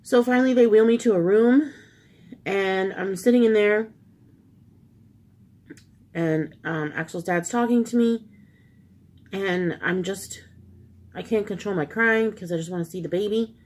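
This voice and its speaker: A woman's voice: medium pitch, unhurried, long pauses, darkish tone. A middle-aged woman from Canada, hosting her own channel, telling viewers a personal story in a casual, confiding way while close to tears. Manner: emotional, confiding, addresses viewers as friends. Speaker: vlog host.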